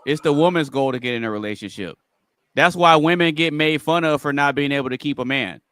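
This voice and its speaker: A man's voice: on the high side, a little fast, fairly bright tone, clean tone, dry recording, studio quality. A man on a casual podcast panel who argues bluntly and repeats his point again and again.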